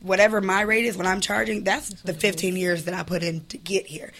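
Bright-voiced woman telling her story. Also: medium pitch, flat delivery. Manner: candid, emphatic, quick to laugh. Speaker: interview guest. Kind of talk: casual interview storytelling.

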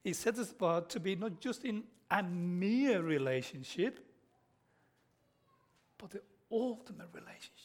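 A man with a Black Country accent preaching a sermon, earnestly and directly addressing his listeners, often dropping to soft, intense tones. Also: high voice. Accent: Black Country English.

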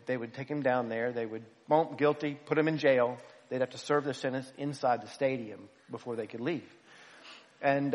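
A man, a pastor, telling a self-deprecating story in an animated, humorous way. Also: mid-range voice. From United States. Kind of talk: storytelling sermon. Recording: long hall reverb.

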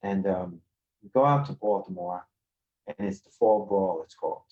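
A man from Queens, a podcast guest telling rough street stories in a swaggering, profane way over a video call. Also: low-pitched, moderate pace, darkish tone, highs cut off. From Queens, New York. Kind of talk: casual storytelling.

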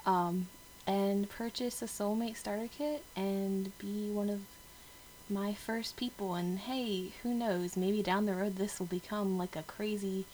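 Chatty woman host of a solo podcast, mid-pitched, upbeat and self-mocking, faint hiss. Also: fairly even intonation, measured pace, a little mellow, poor audio. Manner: bubbly and chatty, laughs at herself, lots of filler words. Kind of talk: casual solo podcast monologue.

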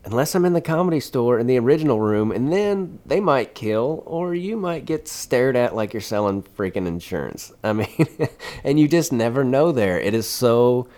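A man's voice: medium pitch, animated, moderate pace, darkish tone. A man, a stand-up comedian, telling loose stories in casual chat, laughing and swearing as he rambles. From United States. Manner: rambling, laughing, swears often, many restarts.

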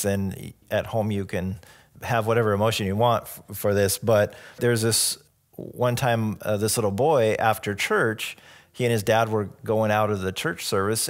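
Middle-aged male pastor, lowish voice, easygoing sermon storyteller who chuckles along. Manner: relaxed storytelling with jokes and soft laughs. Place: church.

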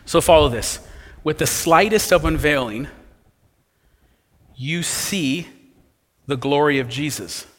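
Male pastor with a slightly raised pitch, expository sermon, rhetorical questions, long hall echo. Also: slow, long pauses, a bit bright.

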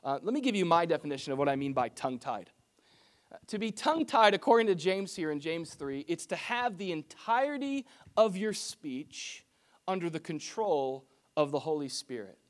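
A man's voice: fairly high pitch, very animated, moderate pace. A man preaching a sermon to his church as pastor, in a conversational style that mixes personal stories with scripture.

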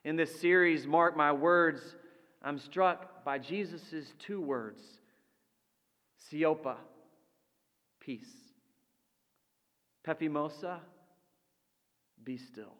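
Slow-preaching man in an echoing hall. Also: fairly high pitch. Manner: slow, deliberate preaching with soft dramatic drops. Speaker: pastor. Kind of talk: sermon. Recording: long reverb of a large hall.

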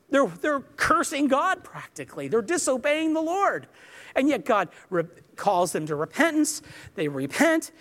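Male preacher, sermon, emphatic delivery, lively pitch swings. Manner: earnest, emphatic preaching with dramatized quotes.

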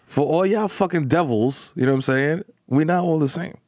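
A man's voice: a little high, moderate pace, no echo. Joking young man, dry close mic. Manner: loud, joking, profane, animated. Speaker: podcast co-host. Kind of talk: casual chat.

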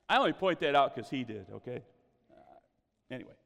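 A man preaching a sermon, telling stories with animated exclamations of praise. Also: medium pitch, a little fast, creaky, in a large hall.

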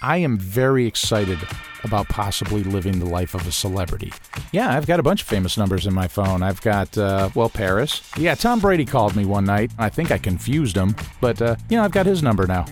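Animated man telling a personal anecdote. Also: on the low side, fairly quick, faint music behind. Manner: animated, mimics voices in quotes, chuckles. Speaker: storyteller.

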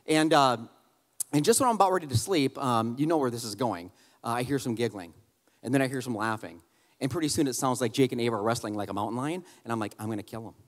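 Storytelling pastor in a reverberant hall. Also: male voice, mid-range voice. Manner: animated, conversational storytelling that speaks directly to the crowd. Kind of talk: sermon with a humorous family story.

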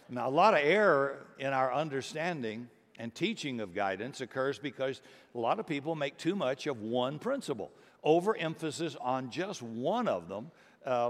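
Preaching man in a reverberant hall. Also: mid-range voice. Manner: earnest preaching, rising to emphatic bursts. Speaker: pastor. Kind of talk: sermon.

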